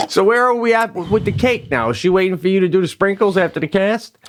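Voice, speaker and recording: A man's voice: sits high, expressive, normal speed, a bit bright. A middle-aged man co-hosting a podcast in casual comedic chat, teasing and riffing with some swearing. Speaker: podcast co-host.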